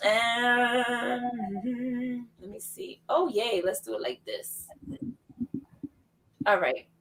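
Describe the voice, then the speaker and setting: A woman co-hosting a live virtual open mic over a video call. Her voice sits slightly high and her tone is relaxed and upbeat. She teases her co-host as she keeps the show moving. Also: extremely slow, poor audio. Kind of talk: casual live-stream hosting.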